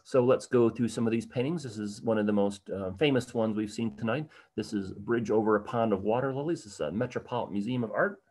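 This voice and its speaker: A man with a fairly low voice gives a livestreamed art talk. His delivery is casual and chatty, full of ums and asides. He perks up now and then to stress a point. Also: quick pace, hardly any pauses. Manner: casual, conversational, animated at times, many fillers. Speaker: tour guide presenting an online program.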